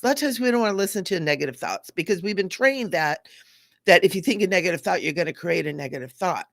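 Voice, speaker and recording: A middle-aged woman speaks as a spiritual teacher, earnest and heartfelt, slipping into the voices of the people she describes. Her voice has a gravelly fry running through it. The sound is dry, with little room around it. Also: fairly low pitch, animated, fast talker, no echo. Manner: earnest, acts out quoted voices.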